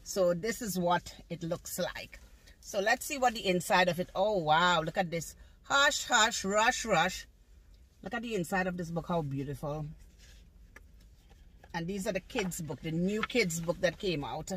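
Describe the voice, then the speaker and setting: A woman's voice: lowish voice, moderate pace, breathy edge. Gushing older woman showing her haul. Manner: gushing, repeats praise words. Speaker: haul vlogger. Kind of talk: casual haul video, showing items. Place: outdoors in a car on a sunny day.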